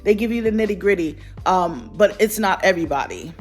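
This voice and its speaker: A woman lifestyle vlogger speaks candidly to camera, earnest and reflective, often repeating phrases for emphasis. Her medium-pitched voice is animated and brisk, with faint music behind her.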